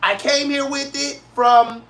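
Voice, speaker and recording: A man's voice: very high-pitched, slow pace, fairly bright tone. A man from St. Louis hosting his own show, talking in an emphatic, blunt and profane way and repeating his points for effect. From St. Louis, Missouri, USA. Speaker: show host. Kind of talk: casual solo talk-show rant.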